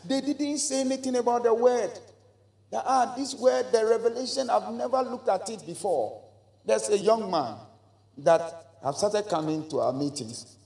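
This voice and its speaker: A man's voice: very high voice, moderate pace, vocal fry, a little mellow, roomy sound. A man preaching a sermon in a church, with emphatic call-and-response and repeated phrases. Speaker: pastor. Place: church hall.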